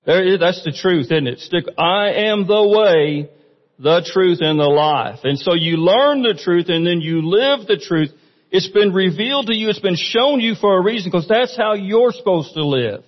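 In a church sanctuary, a man preaches a sermon conversationally, often putting questions to the congregation. His high-pitched voice has lively intonation at a normal speed, but the recording is muffled with long hall reverb.

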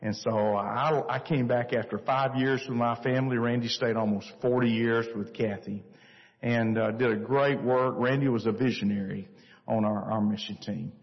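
An older man, a missionary speaker, telling a church story earnestly with many pauses. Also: medium pitch, fairly even intonation. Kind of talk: church talk. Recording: echoey church hall, dull lo-fi sound.

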